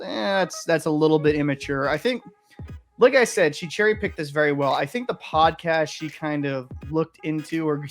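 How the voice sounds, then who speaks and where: A young man hosting a reaction video, talking candidly in a rambling, casual way and swearing freely. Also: a little high. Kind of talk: casual commentary.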